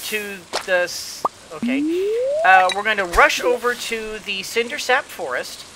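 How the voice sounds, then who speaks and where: A let's play host giving gameplay commentary, thinking aloud and cheering the game on with excited exclamations. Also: medium pitch, a little slow, heavy background noise.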